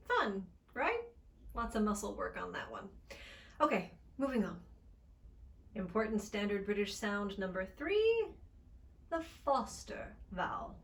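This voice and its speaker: Woman speech coach doing an accent lesson, upbeat, encouraging, crisp careful pronunciation. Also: medium pitch, very animated, unhurried, long pauses, recorded from a distance.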